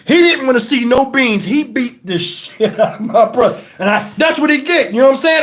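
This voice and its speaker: A man hosting his channel, telling profane stories to viewers in a casual, animated way and breaking into laughter. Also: very high-pitched, brisk. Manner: talks straight to the audience with questions. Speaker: channel host telling stories to a live chat.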